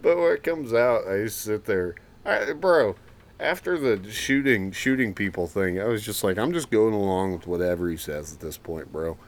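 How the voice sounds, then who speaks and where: A young adult man, a former Marine and firefighter, casually telling a profane, animated story as a podcast host. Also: on the low side, moderate pace.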